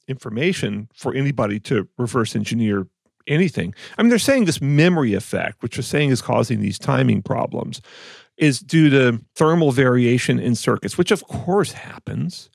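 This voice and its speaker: A man's voice: mid-range voice, expressive, moderate pace, vocal fry, no room sound, clean studio sound. A man co-hosting an audio podcast, casually and skeptically picking apart claims, rambling with restarts. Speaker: podcast co-host, audio reviewer. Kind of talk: casual chat.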